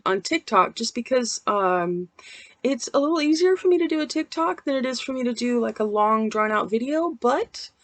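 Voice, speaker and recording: A woman in her forties talks to her viewers in a casual home vlog, recorded on a laptop mic. She rambles in a candid, self-deprecating way, and her voice sits a little high. The sound is dry and close, with no room echo. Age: 40s. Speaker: vlogger.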